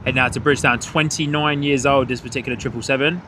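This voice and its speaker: A man hosting a live plane-spotting stream from a hotel above the runway, excitedly calling out departures and greeting viewers. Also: medium pitch, quick pace, a little hiss or hum. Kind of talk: live commentary. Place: hotel third floor overlooking an airport runway.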